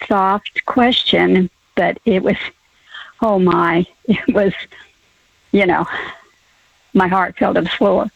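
An older woman calling in to a radio show, telling a personal story with hesitant pauses and fillers. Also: on the low side, fairly even intonation, vocal fry, no echo. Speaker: caller. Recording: tinny phone line.

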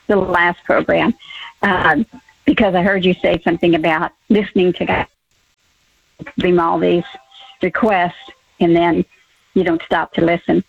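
An older woman calling in to a radio talk show, telling a personal story hesitantly with many pauses and soft laughs. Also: lowish voice, vocal fry, no room sound. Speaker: caller. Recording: muffled phone line.

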